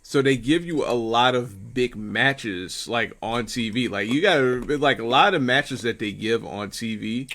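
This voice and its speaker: A man's voice: mid-range voice, a little slow, hardly any pauses, fairly bright tone. A man from Missouri co-hosting a podcast, explaining pro wrestling in a rambling, casual way, full of fillers. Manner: rambling explainer, lots of likes and ums. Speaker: podcast co-host.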